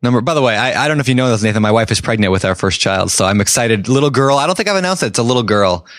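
A man's voice: mid-range voice, animated, rapid-fire, fairly bright tone, no echo, studio quality. A man co-hosting a podcast, chatting casually and upbeat as he puts set questions to a guest. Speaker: podcast co-host.

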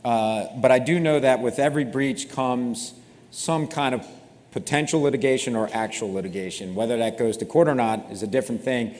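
A middle-aged man who founded a cybersecurity company answers interview questions in a relaxed, explanatory way with dry self-deprecating humor. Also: mid-range voice, fairly quick, in a large hall.

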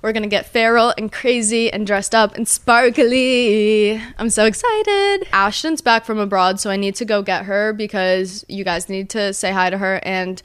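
A young woman in her early twenties tells stories to her viewers in a gushing, chatty way, leaning on "like" as she goes. Her voice is smooth and clean, with a dry sound and no room echo, and her pitch sits in a middling range. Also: flat delivery, normal speed, hardly any pauses, a bit bright. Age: early 20s. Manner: bubbly, gushing, says like a lot. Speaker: host. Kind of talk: casual vlog storytelling.

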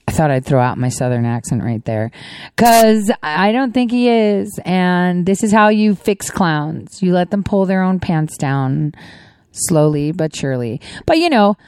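Smooth-voiced woman hosting a talk show. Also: fairly low pitch, expressive, unhurried, a little mellow, dry recording, studio quality. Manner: rambling, conversational, with many asides. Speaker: show host. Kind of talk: casual political commentary.

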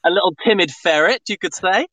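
A man's voice: high voice, fast, fairly bright tone, no echo. A British man from the south of England calling in to a podcast, playful and self-deprecating. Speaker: caller, listener. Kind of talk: casual call-in chat.

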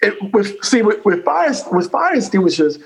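Animated, profane man telling a story. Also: sits high, normal speed, vocal fry, rough recording. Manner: animated, profane, repeats himself. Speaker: comedian guest. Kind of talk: casual storytelling chat.

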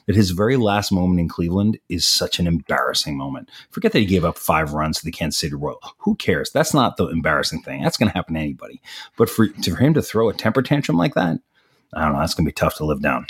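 A man co-hosting a podcast in casual chat, animated and slipping into quick impressions of other people. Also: low-pitched, husky. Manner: animated, mimics people mid-story. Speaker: podcast co-host.

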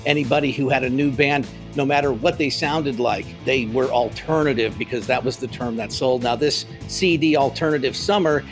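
A man's voice: mid-range voice, normal speed, few pauses. A man hosting a music podcast, chatting casually and telling stories about concerts he remembers. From Phoenix area, United States. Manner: relaxed storytelling, reminiscing. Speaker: podcast host.

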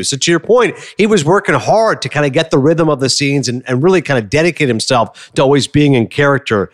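A man's voice: fairly high pitch, animated, fairly quick, hardly any pauses. A man in his forties hosting a podcast, talking in an upbeat, emphatic way. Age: 40s. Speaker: podcast host. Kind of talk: casual chat.

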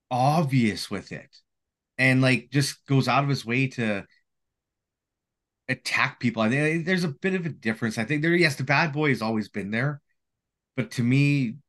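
A man co-hosting a sports podcast in easygoing conversation, thinking aloud and often checking in with his partner. His voice sits in an ordinary middle pitch. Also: a bit bright. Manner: conversational, hedging with "like" and "right?". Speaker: podcast co-host. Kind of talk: casual sports talk.

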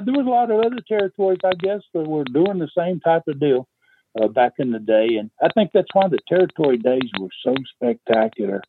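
A man's voice: on the high side, slight background noise. An older man telling wrestling-era stories in a rambling way, with many fillers and chuckles, over a tinny phone line. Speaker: interview guest, veteran wrestling promoter. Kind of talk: phone interview storytelling.

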